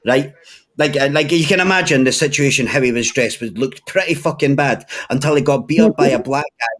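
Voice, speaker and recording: A man's voice: medium pitch, brisk, fairly bright tone. A young Scottish man telling crude stories in a casual chat, swearing freely and laughing often. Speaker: podcast regular.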